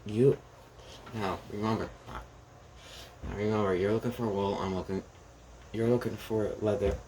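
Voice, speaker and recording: A man's voice: on the low side, steady tone, unhurried, dark tone, slight background noise. A young man casually retelling a fan story, rambling with restarts and "she goes like".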